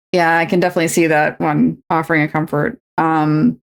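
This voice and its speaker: A woman's voice: deep voice, little pitch movement, fairly quick, creaky. A woman streamer chatting casually while she cross-stitches at home, rambling and poking fun at herself as she tells stories. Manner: chatty, self-mocking, rambling storytelling.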